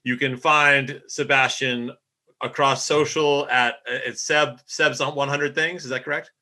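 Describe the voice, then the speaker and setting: A man hosting a podcast, chatting with a guest and giving an energetic sign-off. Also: mid-range voice, a little slow. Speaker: podcast host. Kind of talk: podcast interview chat.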